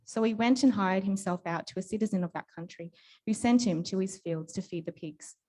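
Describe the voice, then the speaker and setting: A woman with a mid-range voice reads a Bible passage aloud, steady and measured, as a scripture reader.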